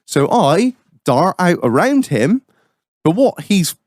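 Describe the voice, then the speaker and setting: A man hosting a podcast, telling a road-rage story in a profane, animated way. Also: sits high, takes it slowly, no room sound, studio quality. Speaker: podcast host. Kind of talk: casual chat, storytelling.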